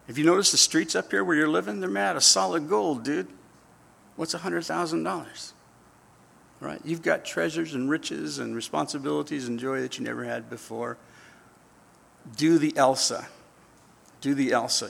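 A pastor in his fifties delivers a sermon, telling humorous stories and acting out the voices of characters. His medium-pitched voice has some vocal fry and a fairly bright tone, at a moderate pace.

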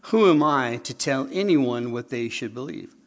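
A man with a gravelly voice delivers a sermon to his congregation. He tells stories, acts out both sides of conversations and keeps checking that his listeners are following. His pitch sits in the ordinary middle range for a man. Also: normal speed. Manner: animated storytelling, acts out dialogue, asks the audience questions. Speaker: preacher.

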